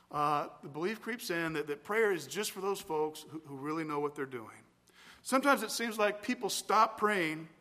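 A male pastor preaching a sermon in a church, earnest and deliberate, drifting into spoken prayer. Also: high-pitched, sharp tone. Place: church sanctuary. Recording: long church hall reverb.

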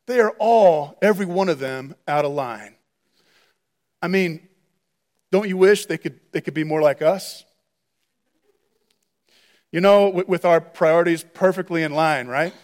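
A man preaching a sermon, telling the story in an animated way and often restarting his words. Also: sits high. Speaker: pastor.

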